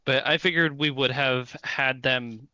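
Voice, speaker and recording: Guy playing, super bright smooth voice, dry close sound, stumbles n restarts. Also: mid-range voice, fairly even intonation, a little slow, no echo, poor audio. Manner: hesitant, apologetic restarts. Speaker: player. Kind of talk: casual tabletop play.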